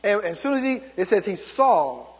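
A man preaching with a high, lively voice that swoops up and down as he presses his points. His tone is slightly husky, and his words carry a long reverb from a church sanctuary. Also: moderate pace. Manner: emphatic preaching with many calls of "come on". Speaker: pastor. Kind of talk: sermon.

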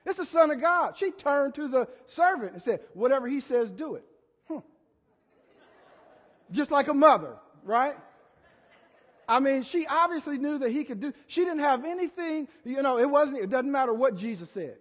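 A man's voice: very high-pitched, lively intonation, normal speed, fairly bright tone. A man preaching a sermon in a casual, chatty way, telling stories and acting out quotes with volunteers. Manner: chatty, storytelling with acted quotes and audience volunteers. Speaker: pastor. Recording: long reverb of a church hall.

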